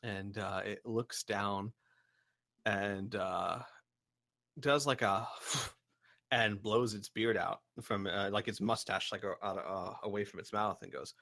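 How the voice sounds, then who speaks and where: A man narrating as game master, halting with many fillers. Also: fairly low pitch, steady tone, creaky, pushed and bright.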